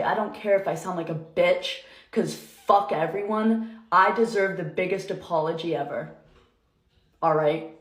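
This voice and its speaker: Angry swearing young woman ranting. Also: on the low side. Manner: angry, profane, emotional rant. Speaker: influencer. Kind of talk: ranting storytime video. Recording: echoey room.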